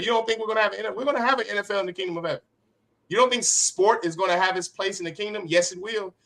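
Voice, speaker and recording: A man teaching a religious class in a fiery preaching style, forceful and rhetorical, repeating phrases for emphasis. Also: high-pitched, rapid-fire. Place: classroom with others present.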